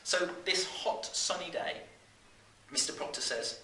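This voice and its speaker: A man in his thirties from the West Midlands of England, telling a story to a live audience in an animated way, with plenty of fillers and restarts. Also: fairly high pitch, measured pace. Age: 30s. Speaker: business speaker. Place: seminar room. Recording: roomy live room, distant mic, faint noise.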